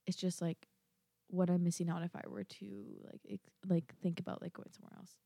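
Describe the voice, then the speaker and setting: A woman's voice: lowish voice, little pitch movement, fairly quick, vocal fry, mellow, no echo, clean studio sound. A young woman from Minnesota chatting casually about college life, rambling with lots of fillers. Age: young adult. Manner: rambling, filler-heavy, self-deprecating. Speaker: college student vlogger. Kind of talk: casual chat.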